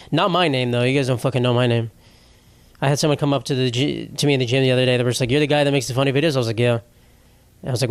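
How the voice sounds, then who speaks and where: A man's voice: medium pitch, clear, resonant tone, no echo. A young man hosting a solo comedy podcast, rambling and swearing as he mocks himself. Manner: profane, rambling, self-mocking. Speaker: podcast host.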